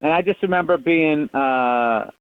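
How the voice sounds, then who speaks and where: A man's voice: fairly high pitch, unhurried, clear, resonant tone. A middle-aged man with a Boston accent, a guest comedian talking casually on a radio show, blunt and wry as he rambles through stories. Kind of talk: casual radio interview chat. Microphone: phone call into radio show. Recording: tinny phone line.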